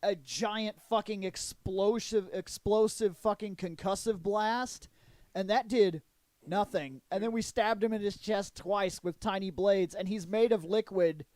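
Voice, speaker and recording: High-voiced man in profane casual chat. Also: a little slow, darkish tone, no echo. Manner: profane, rambling, laughs often. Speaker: podcast co-host.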